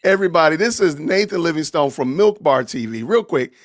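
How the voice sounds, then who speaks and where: A man hosting a live-stream podcast, talking casually in an animated, exasperated and joking way. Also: a little high, brisk, no room sound, studio quality. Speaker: podcast host.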